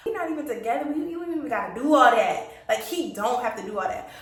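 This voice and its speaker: A woman's voice: on the high side, lively intonation, fast, few pauses, roomy sound, distant mic, a little hiss or hum. A young woman casually telling a dating storytime, chatty, laughing often and acting out the lines people said. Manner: chatty, laughs often, acts out quoted dialogue. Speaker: storytime vlogger.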